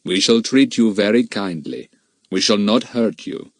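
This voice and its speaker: Suave foreign kidnapper boss, voiced by a man, slow and measured, coldly courteous, low-pitched, dry close sound. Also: sing-song, a little mellow, no echo, exaggerated voice. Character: polite, commanding foreign man leading kidnappers.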